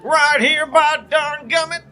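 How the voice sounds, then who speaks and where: A man voicing a rough, hostile cowboy in a saloon, blustering and folksy in an improvised podcast skit. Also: very high voice, fairly even intonation, takes it slowly, bright, forceful tone, faint music behind, pitched above the performer's own voice, heavily acted, poor audio. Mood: blustering threat.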